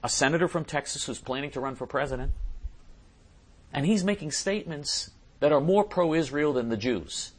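A man with a somewhat high voice delivers a ranting commentary monologue. He hammers his points home, repeats and restarts phrases, and clears his throat now and then. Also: lively intonation, moderate pace. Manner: emphatic and repetitive, often clears throat. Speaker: political commentator.

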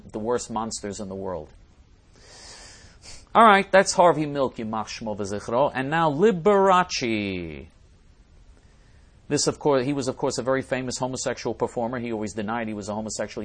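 A man hosting a talk show, delivering an emphatic, scornful monologue with many restarts and sudden swings in loudness. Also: mid-range voice. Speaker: talk show host reading listener messages. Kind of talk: ranting monologue.

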